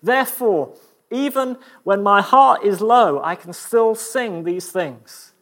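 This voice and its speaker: A middle-aged man preaching a sermon, animated with frequent stumbling restarts, then praying softly to close. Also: high voice, slow. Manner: animated, stumbling restarts, dropping to a hushed prayer.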